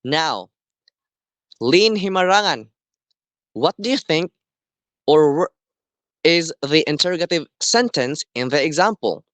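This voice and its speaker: Guy teaching a class, slow and careful, pitch bounces around a lot, dry close sound. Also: expressive, fairly bright tone, no room sound. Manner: slow, deliberate explaining with frequent "okay" checks. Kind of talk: classroom lesson.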